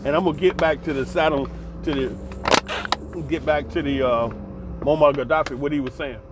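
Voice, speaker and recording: A man's voice: fairly high pitch, fairly even intonation, moderate pace, heavy background noise. A man giving passionate, profane, heated commentary in a ranting vlog. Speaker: commentary vlogger. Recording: slightly dull lo-fi recording.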